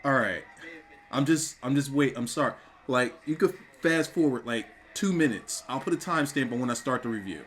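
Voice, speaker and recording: A young man reacting live on camera for his review channel, stunned and repeating exclamations, with bursts of shouting. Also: medium pitch, normal speed. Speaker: wrestling reviewer.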